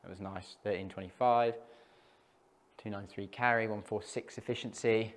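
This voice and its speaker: A man's voice: on the low side, steady tone, normal speed. A man talking casually between shots as he tests golf clubs in an indoor studio, thinking aloud and reacting to each hit. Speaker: golf club tester. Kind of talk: casual hitting commentary.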